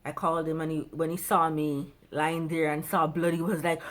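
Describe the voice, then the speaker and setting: Rambling woman vlogger, lowish voice. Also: a little slow. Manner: rambling, jumps around then comes back; animated, turns quiet and low at emotional parts. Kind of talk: personal storytelling to camera.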